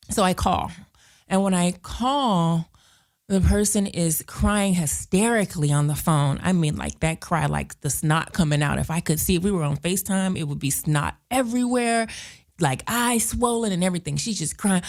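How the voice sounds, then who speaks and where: A woman hosting a radio talk show, telling stories in an animated way and acting out the voices of the people in them. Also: on the low side, moderate pace. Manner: animated storyteller, acts out voices.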